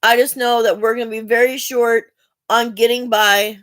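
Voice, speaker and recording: A woman's voice: on the high side, steady tone, normal speed, fairly bright tone, no room sound. A woman, talking earnestly and in a rambling, heartfelt way to her viewers, asking for help. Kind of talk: emotional personal talk to camera.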